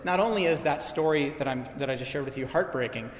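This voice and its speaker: A man's voice: mid-range voice, quick pace, a little hiss or hum. A middle-aged man preaching to his church, conversational yet impassioned, driving points home with repetition. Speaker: pastor. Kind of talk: sermon. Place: church sanctuary. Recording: echoey hall with long reverb.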